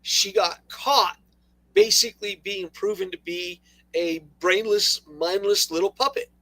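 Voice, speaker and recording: A man co-hosting a political talk radio show, talking casually with sarcastic, animated asides and laughs. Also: high-pitched, a little slow, rough recording. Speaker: co-host.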